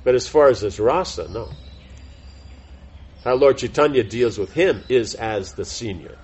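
Husky man giving a rambling class. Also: medium pitch, animated, unhurried, a little mellow. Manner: rambling, many fillers and self-corrections. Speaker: spiritual teacher giving a class. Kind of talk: informal devotional class talk.

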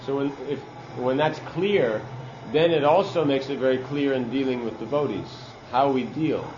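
A man's voice: mid-range voice, moderate pace, echoey room, muffled recording, background noise. A man giving a sermon-style scripture class, earnest and emphatic, using Sanskrit terms.

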